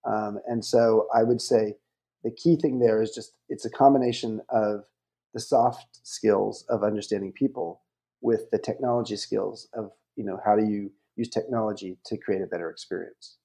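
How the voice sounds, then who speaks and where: A middle-aged man, a podcast interview guest, giving reflective advice in measured phrases with some ums. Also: lowish voice, fairly even intonation, warm tone.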